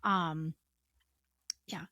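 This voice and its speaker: A woman co-hosting a podcast, chatty and quick to react as she tells her own stories. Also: low-pitched, steady tone, pushed and bright, no echo, studio quality. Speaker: podcast co-host. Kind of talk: casual chat.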